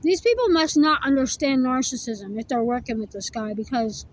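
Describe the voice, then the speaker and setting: A woman's voice: high-pitched, animated, normal speed, low-quality recording. A woman giving a casual tarot reading to camera, blunt and profane, chewing food while she talks. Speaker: tarot reader.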